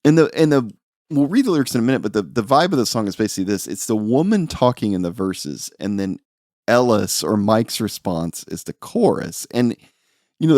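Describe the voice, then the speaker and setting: Male podcast co-host, very deep and gravelly, dry close sound, musing and analytical. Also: darkish tone, dry recording. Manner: analytical, thinks aloud with many fillers. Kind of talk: casual music podcast chat.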